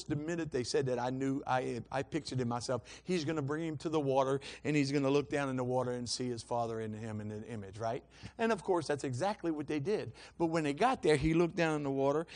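Fervent man preaching with rising fervor. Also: a little high. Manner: builds from conversational storytelling to shouting fervor; repeats and restarts words while telling stories. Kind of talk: sermon.

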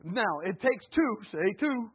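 Very animated yet measured in pace, a man gives a fervent sermon, shouting at times and sinking low at others while urging the congregation to repeat his lines. His voice is a touch hoarse, and the audio has phone quality.

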